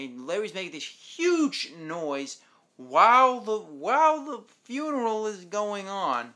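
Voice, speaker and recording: A man's voice: high-pitched, very animated, takes it slowly, pushed and bright. A man casually recapping a TV episode as a show host, rambling along and acting out the characters' lines.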